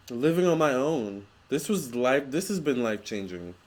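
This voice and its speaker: A man's voice: mid-range voice, darkish tone. A young man vlogging in a chatty, gushing way, full of fillers and restarts. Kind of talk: casual storytelling vlog.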